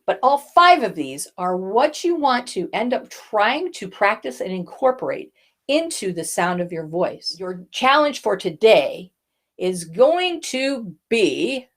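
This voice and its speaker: Expressive female voice coach teaching. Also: medium pitch, slow pace. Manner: expressive, demonstrates tones with her own voice. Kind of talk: instructional talk.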